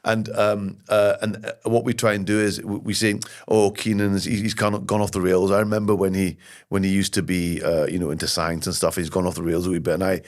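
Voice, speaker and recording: A middle-aged Scottish man, a podcast guest, telling lively anecdotes and jokes in casual conversation. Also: deep voice, fairly quick. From Scotland. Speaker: podcast guest, comedy writer and actor. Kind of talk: casual interview chat.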